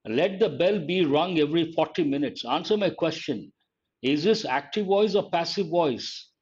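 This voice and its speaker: Slow, deliberate male grammar teacher. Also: a little high, darkish tone, dull audio. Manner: slow, deliberate, repeats key phrases, quizzes viewers. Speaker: English teacher. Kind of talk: live online grammar lesson.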